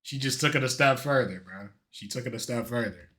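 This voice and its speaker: Bright-voiced joking male streamer. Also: medium pitch, brisk. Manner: slangy, animated, joking. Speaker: streamer reacting to a video. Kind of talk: casual reaction commentary.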